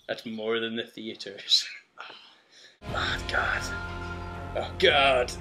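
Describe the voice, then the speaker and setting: A young man giving profane, excitable commentary while playing a fighting game against a friend, trash-talking and laughing often. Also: mid-range voice, very slow, pauses often, loud music behind the voice.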